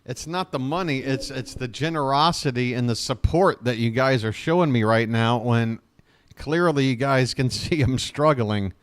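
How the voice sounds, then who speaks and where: Man, live fan baseball play-by-play, chatty and emotional, dry close sound, mid-pitched voice. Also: normal speed, clear, resonant tone, no room sound. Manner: chatty, thanks viewers warmly between pitches; gets emotional and jokey. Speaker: host of a fan play-by-play stream.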